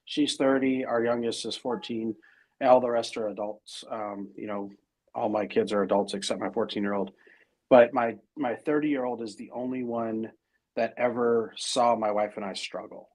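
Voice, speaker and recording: A man's voice: medium pitch, fairly even intonation, normal speed, a little mellow. Rambling middle-aged man, guest. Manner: rambling, many fillers and restarts. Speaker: interview guest. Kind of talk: casual interview talk.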